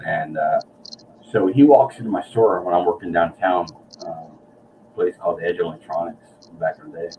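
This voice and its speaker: A man's voice: low voice, moderate pace, darkish tone, far from the mic, slight background noise, poor audio. A man hosting a casual chat, telling a rambling, profane story and acting out what people said. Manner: rambling, profane, acts out quotes. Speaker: host. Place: guitar shop or room, San Antonio.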